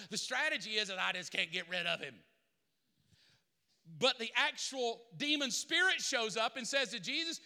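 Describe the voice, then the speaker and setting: Man preaching, high bright voice, long church reverb, quiet asides rising to loud preaching. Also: very animated, moderate pace. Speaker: pastor. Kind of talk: sermon. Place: church sanctuary.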